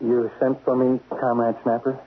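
A man's voice: mid-range voice, flat delivery, normal speed, natural voice. A man playing a nervous, stammering foreign agent in a 1970s radio drama. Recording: old radio broadcast, phone-like band.

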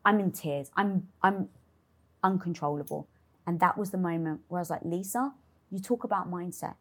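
A woman's voice: lowish voice, normal speed. A young adult woman in an interview, telling a candid personal story with lots of swearing and acted-out inner dialogue. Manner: expressive, swears freely, acts out her own inner dialogue. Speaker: interview guest.

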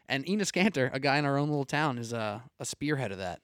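A man's voice: medium pitch, lively intonation, fast, fairly bright tone, dry recording. Young guy hosting sports talk, medium voice, dry close mic, chatty and laughing. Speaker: sports talk show host.

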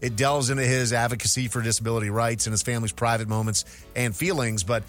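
A man hosting a radio talk show, his pitch in the middle range. He walks through news stories steadily and plainly, with faint music in the background. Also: fast. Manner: steady, newsy, summarizing stories. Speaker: radio host reading entertainment news. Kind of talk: casual radio chat.

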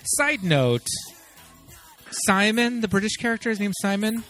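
A man's voice: high voice, animated, measured pace, sharp tone, faint music behind. A man co-hosting a movie podcast, laid-back and joking as he chats. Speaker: podcast co-host. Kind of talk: casual chat.

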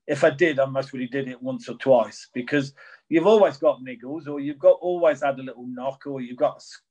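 This is the guest, a middle-aged man who used to play football professionally, rambling through his interview answers with plenty of restarts. He talks fairly quickly in a medium-pitched, dark voice, and the recording is rough.

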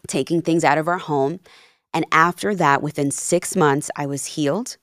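A woman in her thirties with a notably low voice tells her story in a casual interview. She acts out each quoted exchange with lively emphasis. The sound is dry and close. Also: moderate pace, dry recording. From Peru and New Jersey. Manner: animated, acts out quoted dialogue. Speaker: podcast guest, life coach.

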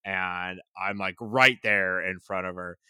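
A man's voice: low-pitched, steady tone, unhurried, sharp tone, clear, resonant tone, no room sound. A man in his thirties co-hosting a casual podcast, joking about himself in a dry, self-mocking way. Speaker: podcast co-host. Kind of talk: casual chat.

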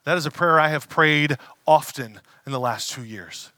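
Male pastor, high voice, dry close sound, casual animated sermon. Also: moderate pace, no echo. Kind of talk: conversational sermon.

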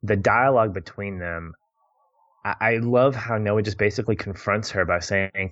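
A man in casual chat about a film, reflective and quick to laugh. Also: lowish voice, a bit bright. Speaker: podcast co-host discussing a film. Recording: dull lo-fi audio.

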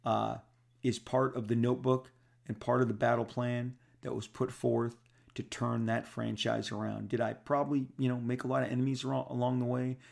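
A man with a deeply gravelly, fry-heavy voice at an ordinary mid pitch, telling stories to his fans. He speaks in an animated, casual way and keeps repeating words for emphasis. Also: normal speed. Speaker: comic book creator.

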